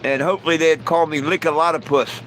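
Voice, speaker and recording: A man's voice: on the high side, fairly even intonation, quick pace, fairly bright tone, a little hiss or hum, rough recording. A man hosting a live stream, telling jokes in a folksy, rambling way with lots of "you know". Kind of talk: casual joke telling.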